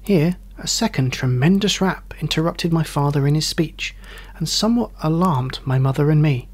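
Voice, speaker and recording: Man reading an old story aloud, slightly high voice. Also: lively intonation, normal speed.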